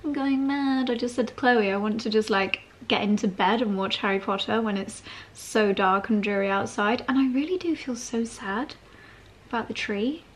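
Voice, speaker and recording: A woman's voice: fairly high pitch, normal speed. A woman chatting in a casual, bubbly home vlog, with playful asides. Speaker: lifestyle vlogger. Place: home indoors.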